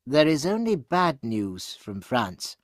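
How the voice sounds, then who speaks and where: A kind elderly doctor and father from an audiobook, voiced by a man. He answers gently and hesitantly, slow and lilting. The sound is dry and close. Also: medium pitch, very animated, no room sound, pitched above the performer's own voice. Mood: gentle.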